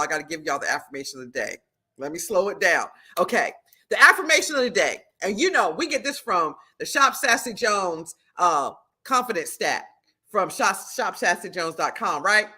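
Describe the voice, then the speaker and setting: A middle-aged woman hosting a live stream, teaching and greeting viewers by name in an animated, preacherly way. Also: mid-range voice, normal speed, breathy edge. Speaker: livestream host and prophetess.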